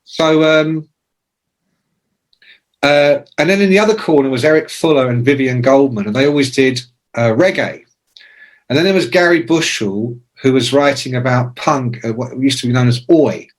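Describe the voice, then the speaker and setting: A man in his sixties, a music journalist, telling anecdotes as a podcast guest, casual and swearing, with loud imitations. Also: medium pitch, moderate pace. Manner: animated anecdotes with shouted imitations. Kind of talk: casual storytelling.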